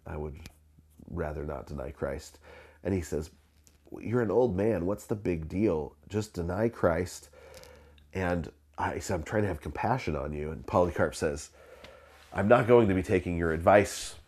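A man's voice: sits low, normal speed, a little mellow. A man preaching in a conversational storytelling way, often restarting sentences with fillers and laughing as he goes. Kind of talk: sermon storytelling.

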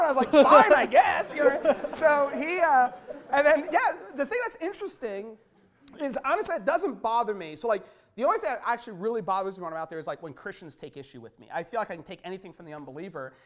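A man who works as a street preacher, telling stories in a conversational interview, swinging from low and quiet to high and loud. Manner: conversational, many fillers and restarts. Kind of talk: storytelling in an interview.

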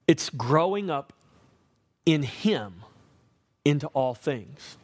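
A man preaching a sermon, emphatic, slowing to stress key words and asking the congregation questions. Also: fairly high pitch, sing-song. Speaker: pastor.

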